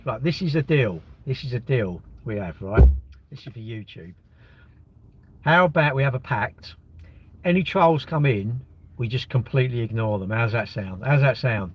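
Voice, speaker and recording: A man's voice: mid-range voice, animated, normal speed, breathy edge. Live streamer, man, blunt and mocking, casual chat, slightly muffled stream audio, mid-range voice.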